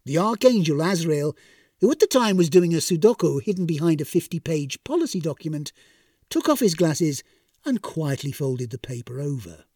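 Wry, lively male storyteller. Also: a little high, moderate pace, no echo, clean studio sound. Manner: wry, expressive comic narration. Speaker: narrator. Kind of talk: storybook reading.

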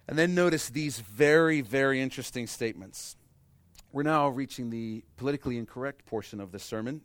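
A pastor in his thirties preaches to his congregation at a middle pitch, a little fast, with a dry, close sound and no room tone. He swings from loud, emphatic bursts to soft, intimate passages like an ordinary preacher.

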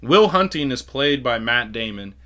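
A young man co-hosting a casual faith-based movie podcast, chatty and quick to laugh. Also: medium pitch, lively intonation, bright, forceful tone. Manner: chatty, laughs often, restarts phrases. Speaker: podcast co-host.

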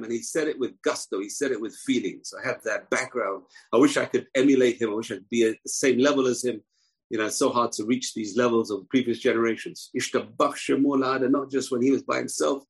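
A man teaching a Torah class, emphatic, repeating key phrases and rising to shouts. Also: medium pitch, breathy edge, rough recording.

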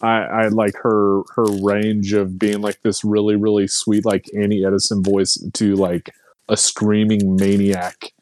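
A man's voice: on the low side, level tone, a little slow, a little mellow. A man on a podcast, talking in a rambling, enthusiastic way and laughing often. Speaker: podcast co-host. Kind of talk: casual chat.

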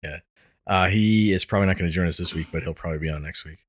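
A man's voice: deep voice, rapid-fire, no echo, studio quality. A man hosting a podcast, telling a story in casual chat, laughing often and swearing freely. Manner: profane. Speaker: podcast host.

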